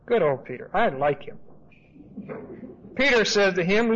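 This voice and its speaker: A man's voice: high voice, big pitch swings, a little slow, pauses often, a bit bright, slight background noise. A man teaching a Bible study in an emphatic, repetitive, conversational way. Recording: dull lo-fi recording.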